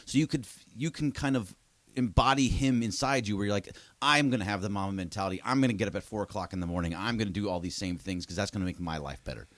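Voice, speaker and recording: A man's voice: fairly low pitch, fast talker, a bit bright, dry recording. A man co-hosting a sports radio show with an American accent, bantering and laughing a lot. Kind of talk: casual sports talk.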